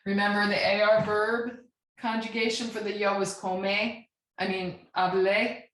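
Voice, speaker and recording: A woman's voice: medium pitch, little pitch movement, normal speed, a bit bright. A woman teaching a Spanish grammar lesson, patient and checking in often as she spells out verb endings. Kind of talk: classroom lesson. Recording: echoey room.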